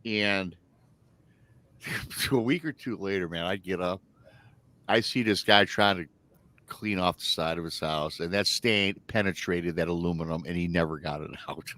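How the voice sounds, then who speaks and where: A Michigan man hosts a casual live-stream chat, rambling through stories and reading chat comments aloud. His deep voice has a sharp tone, a normal speed, and no echo.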